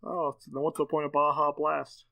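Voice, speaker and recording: A man co-hosting a podcast in a lively, exasperated way. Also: a little high, moderate pace, gravelly, dry recording. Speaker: podcast co-host. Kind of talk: casual chat.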